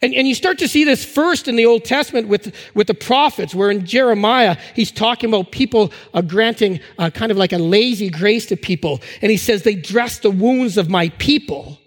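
A man's voice: high voice, fairly quick, hardly any pauses, long reverb tail. A man preaching a sermon as a pastor, talking conversationally and often repeating words as he restarts phrases.

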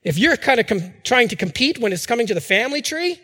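Middle-aged male pastor, high voice, chatty sermon delivery with restarts, long hall reverb. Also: big pitch swings, quick pace, pushed and bright. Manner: conversational preaching with fillers and restarts.

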